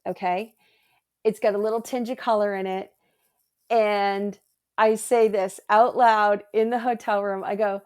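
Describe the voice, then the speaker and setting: A middle-aged woman chatting as an energy healer guest. She tells her stories with animation, jumping up in pitch when she quotes herself and others. Her talk is loose and casual, full of fillers. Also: a little slow, clear, resonant tone. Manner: animated, acts out quotes in a higher voice. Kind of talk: casual storytelling chat.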